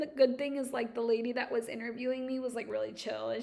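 A young woman with a somewhat high voice chats casually on a podcast. She tells stories with plenty of animation and keeps breaking into laughter. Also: quick pace, vocal fry, few pauses. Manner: animated storyteller, laughs a lot. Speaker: podcast co-host. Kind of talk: casual chat.

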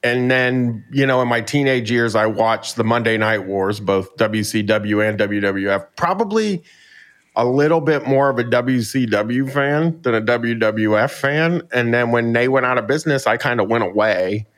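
A man co-hosting a podcast with a wry, joking manner. His voice sits at a middling pitch, and he talks in an easygoing, conversational way. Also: moderate pace, a bit bright. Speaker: podcast co-host. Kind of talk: casual podcast chat.

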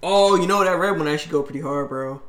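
A man with a bright, sharp, fairly high voice co-hosts a casual talk show. He chimes in with brief, slangy remarks and quick reactions. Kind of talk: casual chat.

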